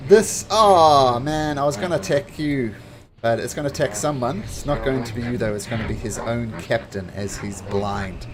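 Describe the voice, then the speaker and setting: A man running a tabletop game as game master, narrating animatedly with chuckles and quick self-corrections. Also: medium pitch, steady tone.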